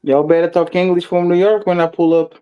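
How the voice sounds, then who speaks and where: A man's voice: sits high, steady tone, a little fast, muffled recording. A man with a Portuguese accent hosting a casual chat show, blunt and teasing with mock outrage. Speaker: show host. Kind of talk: casual banter.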